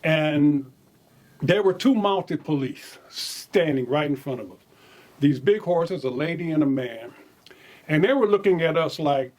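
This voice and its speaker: A man casually telling stories from his own life, animated, chuckling and repeating words as he goes. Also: on the high side, unhurried. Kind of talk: casual spoken memoir storytelling.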